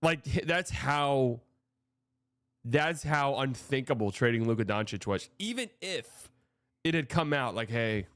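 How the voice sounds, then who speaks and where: A male streamer hosts a live sports show, talking loosely and swearing freely while sentences trail off and restart. His voice sits at an ordinary middle pitch, recorded close and dry with no room echo. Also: measured pace, fairly bright tone, smooth. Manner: frank, profane, rambling with restarts. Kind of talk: casual live-stream commentary.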